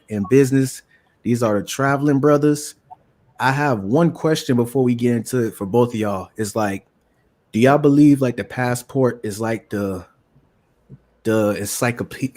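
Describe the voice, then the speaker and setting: A man's voice: medium pitch, a little mellow. A man hosting a casual interview, talking in a laid-back way full of slang. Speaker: interview host.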